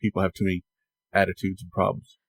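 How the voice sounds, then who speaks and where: A man co-hosting a casual podcast, chatting and relaying news with halting restarts. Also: low voice, monotone, slightly rough, dry recording. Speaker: podcast co-host.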